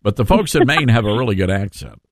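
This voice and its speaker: A man's voice: mid-range voice, lively intonation, dry recording, clean studio sound. A man with a Southern accent hosting a talk radio show, chatting with callers in a folksy, joking way. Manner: folksy, chatty, quick to laugh. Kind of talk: casual talk radio chat. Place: radio studio. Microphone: studio mic.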